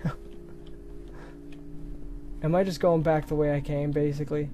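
A man's voice: on the high side, little pitch movement, moderate pace, noisy background. A man commentating a horror game, jittery and swearing, often dropping to scared whispers. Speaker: let's play gamer.

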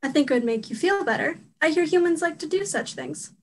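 A young woman playing a formal, emotionless female elf warrior on stage, speaking stiffly and deadpan. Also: sits high, a little fast, a little hiss or hum, low-quality recording. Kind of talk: stage play acting.

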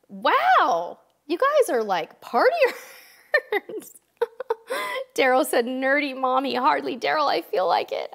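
Chatty woman hosting a livestream, kinda high voice, upbeat and a bit tired. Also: vocal fry. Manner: chatty, upbeat, addresses viewers directly. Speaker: livestream host. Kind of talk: casual live-stream chat.

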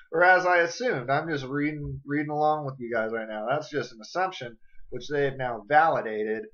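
A man's voice: on the high side, a bit bright, muffled recording. Angry ranting man, profane vlogger. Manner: angry, profane, confrontational, addresses viewers directly. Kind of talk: ranting political vlog.

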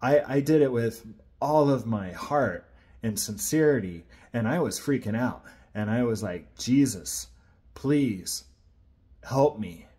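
Man, personal testimony, casual storytelling, earnest, rambling, medium pitch. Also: lively intonation, unhurried, mellow. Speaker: sharer of a personal faith testimony.

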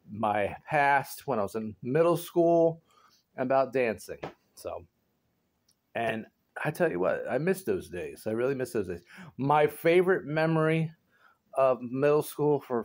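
Man, 40s, home vlogger; rambling, giggly, voice leaps high when excited, very lively pitch. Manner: rambling, animated, laughs often, jumps into high excited exclamations. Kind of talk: casual chat to camera. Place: home garage.

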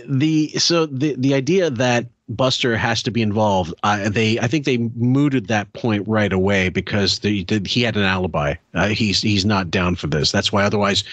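A man's voice: fairly low pitch, a bit bright, dry recording. Wry, rambling male podcast host. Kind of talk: casual podcast chat.

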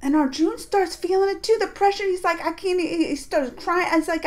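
A woman's voice: very high-pitched, moderate pace. A woman hosting a reaction video, talking casually and rambling with many fillers and restarts. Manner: retells scenes by acting out the characters' lines.

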